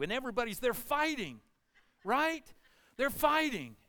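Impassioned high-voiced male preacher. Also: lively intonation, measured pace, clear, resonant tone. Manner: impassioned, swinging from hushed to emphatic. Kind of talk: sermon.

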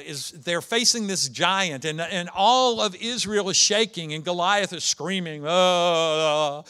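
A man delivers a sermon, retelling Bible stories in an animated way and punctuating them with rhetorical questions. His voice sits high and sounds bright and forward. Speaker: pastor.

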